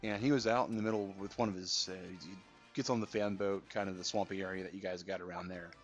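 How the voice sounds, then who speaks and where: Chatty low-voiced male game streamer. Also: fairly even intonation, quick pace. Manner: chatty, reads out viewer comments. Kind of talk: casual gameplay commentary. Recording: dull lo-fi stream audio with faint music.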